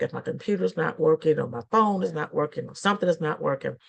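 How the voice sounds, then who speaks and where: A woman's voice: low voice, vocal fry. A middle-aged woman minister chatting casually, rambling and laughing through her stories with lots of fillers. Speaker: guest minister. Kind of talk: casual chat.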